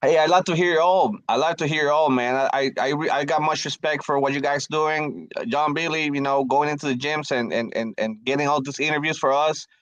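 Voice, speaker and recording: A man's voice: a little high, fairly even intonation, brisk, hardly any pauses, no room sound. A man on a casual boxing talk show, speaking earnestly and stammering often. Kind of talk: casual chat.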